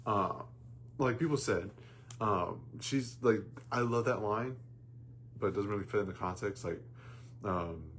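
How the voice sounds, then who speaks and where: A man's voice: on the low side, unhurried, long pauses, slight background noise. A man ranting casually about a film, rambling and profane, with many fillers and restarts. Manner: bursts into loud mocking jokes. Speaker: movie reviewer. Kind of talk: casual rant.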